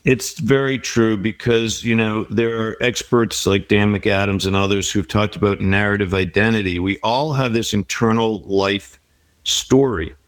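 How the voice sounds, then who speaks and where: A man's voice: fairly low pitch, fairly even intonation, unhurried, no echo. A middle-aged man speaking as an interview guest, reflective and encouraging as he gives life advice. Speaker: guest author. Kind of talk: conversational interview.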